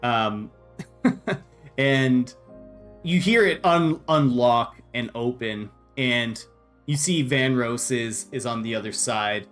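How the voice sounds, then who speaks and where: A man's voice: mid-range voice, slow pace, fairly bright tone, faint music behind. A man narrating a tabletop game as game master in a loose, chuckling way with many fillers.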